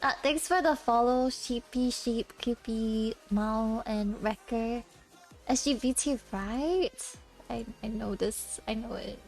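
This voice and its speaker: A young woman chatting casually on a desk mic during a stream. She giggles often and sounds a little self-conscious as she reads out chat. Her voice sits fairly high and her pace is unhurried. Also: gravelly, soft background music.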